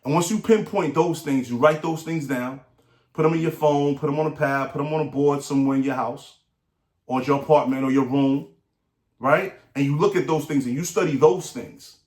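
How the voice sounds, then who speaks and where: Middle-aged man, somewhat high voice, earnest motivational talk that keeps checking in with the listener, roomy echo. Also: normal speed, a little mellow. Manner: earnest, repetitive, asks the listener "right?". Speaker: motivational speaker.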